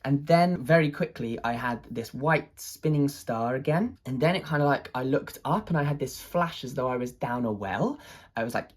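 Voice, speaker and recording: A husky-voiced speaker tells a personal story in a loose, rambling way. The delivery is hesitant, with fillers and restarts, and carries an excitable sense of wonder at mid pitch. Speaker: artist telling a personal story.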